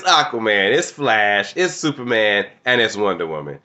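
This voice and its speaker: Excitable guy w/ recapping a show, lowish bright voice, kinda lo-fi audio. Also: moderate pace. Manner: excitable, laughs often, slangy and animated. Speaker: TV show reviewer. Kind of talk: casual episode recap.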